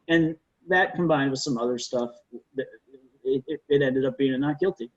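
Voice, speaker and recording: A man, a defense lawyer, telling courtroom stories in a casual interview, animated and often restarting his sentences. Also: medium pitch, moderate pace. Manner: animated storyteller, frequent restarts and stammered repeats. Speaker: defense lawyer, podcast guest. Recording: dull lo-fi sound.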